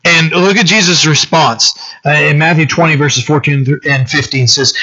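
A man's voice: on the high side, moderate pace, hardly any pauses, bright, forceful tone, slightly rough, muffled recording. A man preaching a conversational sermon as pastor, often asking "right?" and saying "you know". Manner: casual, peppers talk with "you know" and "right?".

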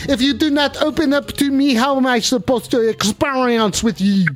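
Man doing a French call-in host, put-on French accent, very high voice, theatrical and needy. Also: fairly even intonation, moderate pace. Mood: dramatic. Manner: theatrical, overwrought and needy, pleading. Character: flamboyant French man hosting a late-night call-in show.

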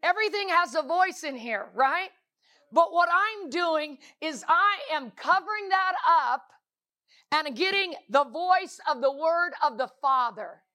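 High, bright-voiced woman preaching. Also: lively intonation, unhurried. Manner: emphatic and repetitive, full of rhetorical questions. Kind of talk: sermon.

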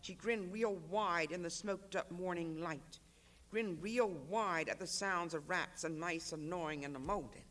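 An author reading a literary excerpt aloud at a panel, measured and rhythmic. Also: male voice, sits high, a bit bright.

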